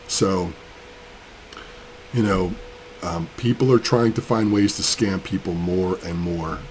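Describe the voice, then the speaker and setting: Slight background noise accompanies a man with a lowish, darkish voice who hosts a crypto mining channel. Fighting a cold, he's fired up and rambling, ranting angrily as he builds a mining rig on a casual vlog.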